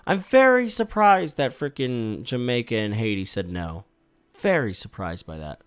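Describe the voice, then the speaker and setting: A man giving casual, swear-laced commentary while playing a strategy game, bursting out loudly when things go wrong. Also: medium pitch, very animated, normal speed, clean tone, dry recording, faint music behind. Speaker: gaming YouTuber.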